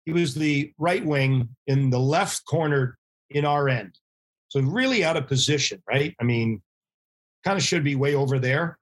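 A middle-aged man, a former hockey goalie, telling animated anecdotes as a podcast guest and acting out quoted voices. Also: medium pitch, normal speed. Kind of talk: casual storytelling interview.

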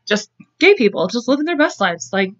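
A woman's voice: on the high side, sing-song, brisk, a bit bright, no room sound. Woman swearing her way through a true crime story, dry dull podcast sound. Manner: profane, chatty, laughs and goes off on tangents. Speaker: podcast co-host. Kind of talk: casual true-crime chat.

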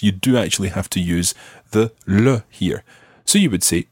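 A man's voice: deep voice, moderate pace, slightly rough, no echo, clean studio sound. A man teaching a language lesson on a podcast, patiently prompting his learner with questions.

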